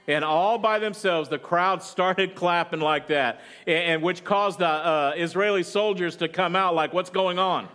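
A man preaching, retelling a dramatic story with quoted lines and halting fillers. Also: fairly high pitch, fairly bright tone. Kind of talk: sermon storytelling.

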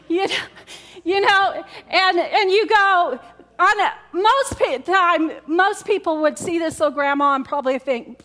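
A woman pastor preaches to her congregation in church with an extremely high-pitched, sharp voice, speaking slowly. Her style is conversational and repetitive, stressing key words again and again and asking the room questions.

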